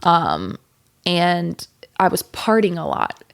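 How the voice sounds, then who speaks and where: A woman's voice: fairly low pitch, sing-song, slow pace, vocal fry. A young woman hosting a podcast, telling a candid, rambling story in casual chat with plenty of swearing and fillers. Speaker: podcast host.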